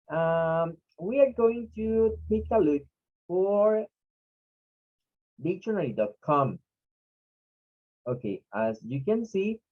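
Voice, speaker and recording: A native Spanish speaker teaching English pronunciation online breaks words into syllables and repeats each sound patiently. The delivery is unhurried, and the recording is muffled and lo-fi. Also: medium pitch.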